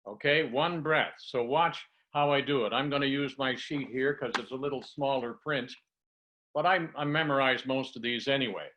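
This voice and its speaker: A man's voice: mid-range voice, normal speed, noisy background. An older man on a video call who is coaching a workshop group, demonstrating tongue twisters in one breath and explaining each one like a story. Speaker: communication coach. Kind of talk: online workshop teaching.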